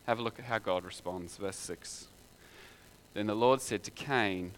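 A man's voice: lowish voice, measured pace. A man preaching a sermon in a conversational way, full of rhetorical questions.

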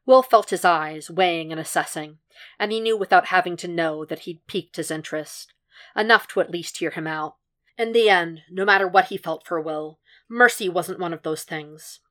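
A woman with a lowish voice narrates a fan fiction podfic. She reads in a measured, even way, keeping the storytelling steady between the characters' lines. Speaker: podfic reader.

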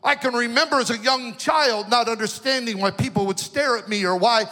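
Very high-pitched and sharp, this western U.S. pastor speaks a little fast as he tells an emotional personal story from the pulpit. His delivery rises and falls in sing-song swells, echoing with long hall reverb.

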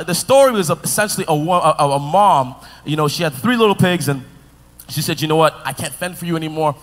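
A man preaching a sermon, playfully retelling a children's story to the crowd in an animated, engaging way. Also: on the high side. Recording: long hall reverb.

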